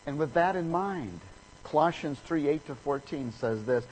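A man preaching a sermon, telling a story in an animated way and acting out the people in it with sudden rises in pitch and volume. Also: moderate pace, a little hiss or hum, poor audio.

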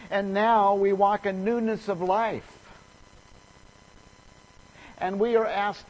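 In a rough recording, a man preaches a sermon built around a lively story, playing its characters with sudden leaps in pitch and volume.

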